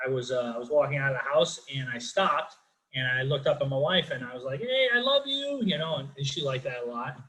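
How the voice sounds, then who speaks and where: Bright-voiced middle-aged comic on a video call. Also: male voice, medium pitch, fairly even intonation, quick pace, poor audio. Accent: Chicago. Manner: chatty, self-deprecating, many fillers. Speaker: stand-up comedian. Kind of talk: stand-up routine on a video call.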